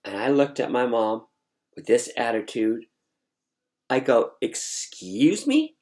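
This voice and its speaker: A man's voice: mid-range voice, steady tone, unhurried, a little mellow. A man telling a dream story in a dramatic, sassy way as a vlogger.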